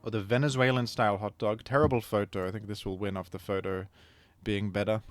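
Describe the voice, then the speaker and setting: A man's voice: on the low side, fairly even intonation, brisk, faint music behind. A man giving casual, rambling gameplay commentary as a video creator, chatting to viewers and often correcting himself mid-sentence.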